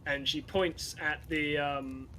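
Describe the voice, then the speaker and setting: A man's voice: fairly high pitch, steady tone, takes it slowly, sharp tone, a little hiss or hum. A man running a tabletop game on a live stream, narrating loosely with lots of fillers. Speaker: game master. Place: home setup, live stream.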